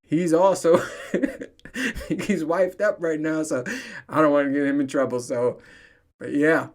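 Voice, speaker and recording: A man's voice: a little high, fairly even intonation, unhurried. A man in his thirties hosting a podcast, telling crude stories on his own with heavy swearing and frequent laughter. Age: 30s. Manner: profane, storytelling, laughs often. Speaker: podcast host. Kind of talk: casual solo monologue.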